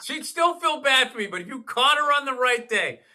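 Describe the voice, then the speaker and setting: A middle-aged comedian trades dry, sarcastic wisecracks in casual podcast talk. His voice is high for a man and very bright and cutting. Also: expressive, fairly quick.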